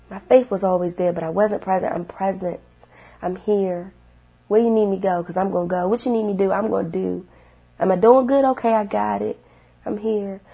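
A young woman talking earnestly to her viewers about faith and getting through hard times, repeating herself and swinging from hushed to loud. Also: mid-range voice, gravelly, breathy edge. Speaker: vlogger. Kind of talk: emotional faith-filled vlog monologue.

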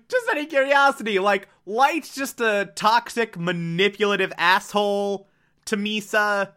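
A man's voice: sits high, unhurried, bright, forceful tone, smooth. A man casually recapping an anime, rambling with laughs and acting out the characters' lines.

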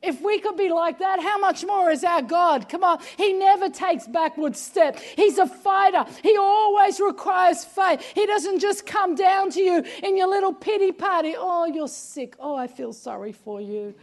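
Woman pastor, very high voice, emphatic sermon delivery, repeats "come on". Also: moderate pace, few pauses. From Australia. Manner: emphatic, repeats "come on", often raises her voice.

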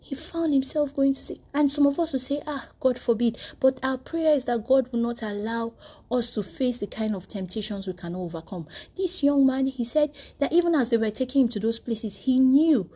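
A woman's voice: high-pitched, a little fast, mellow, husky. A woman preaching a devotional sermon, telling stories earnestly and often restarting her sentences. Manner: earnest storytelling with frequent restarts.

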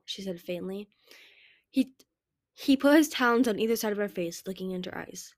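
A woman's voice: medium pitch, animated, normal speed, long pauses. Woman reading a novel aloud. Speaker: audiobook reader.

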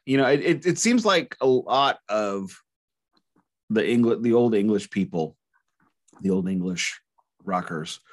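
A man's voice: on the low side, lively intonation. Joking man in casual podcast chat. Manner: halting, joking, self-interrupting. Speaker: podcast co-host. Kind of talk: casual album review chat.

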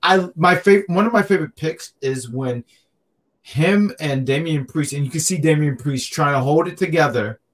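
Animated man on a wrestling podcast. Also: a little high, normal speed. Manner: animated, joking, repeats himself. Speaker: podcast co-host. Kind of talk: casual wrestling chat.

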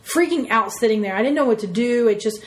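A woman's voice: on the high side, quick pace. Chatty woman telling a story. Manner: rambling, full of "like" and "you know", acts out quotes. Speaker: interviewee. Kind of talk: casual storytelling.

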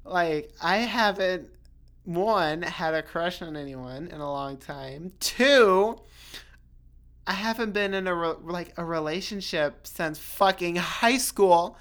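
A woman's voice: on the low side, takes it slowly. A young woman talking casually on her solo podcast, rambling and swearing freely, full of "like" and restarts. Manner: chatty, swears freely, self-interrupting with lots of "like". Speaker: podcast host.

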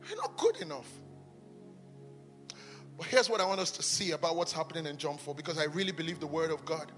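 A man preaching a sermon in a church, impassioned, often shouting with a sing-song cadence. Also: fairly high pitch, lively intonation, brisk, pauses often. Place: church auditorium. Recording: echoey hall with faint music.

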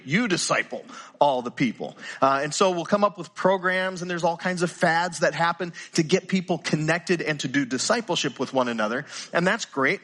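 An older man preaching a sermon in a bright, forceful voice that sits a little high for a man. He talks earnestly, stumbling over the first word of a sentence now and then. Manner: earnest, repeats words when starting sentences. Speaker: pastor.

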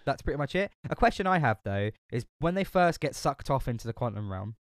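Casual podcast co-host: man, smooth clear voice, dry close sound, rambling and sweary. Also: mid-range voice, big pitch swings, brisk, dry recording. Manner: chatty, swears a lot, many fillers and restarts. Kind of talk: casual film chat.

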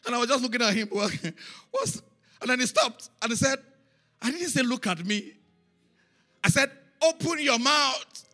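A man preaching with a high, ringing, bright voice. He tells his story in an animated way, repeating phrases and chanting syllables for emphasis. Faint music plays softly behind him. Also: moderate pace, pauses often. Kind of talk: sermon.

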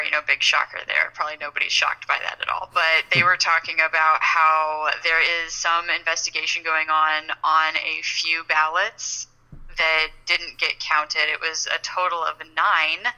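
A woman co-hosting a casual podcast, her voice very bright and a touch low-pitched. She talks in a wry, rambling way, circling back and restarting her thoughts. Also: rough recording. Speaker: podcast co-host. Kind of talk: casual chat.

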